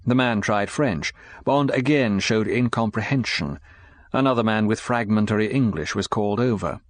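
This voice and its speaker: A man giving a measured, scripted audiobook narration. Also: lowish voice.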